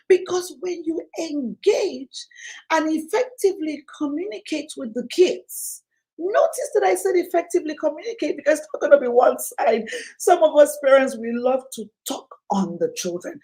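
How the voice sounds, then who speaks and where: Woman, conference speaker, high voice, lively swooping pitch, emphatic, preachy repetition. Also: moderate pace, low-quality recording. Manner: emphatic, preachy, repeats key lines; acts out parents and children in quoted voices. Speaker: parenting speaker. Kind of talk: motivational conference talk. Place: conference venue.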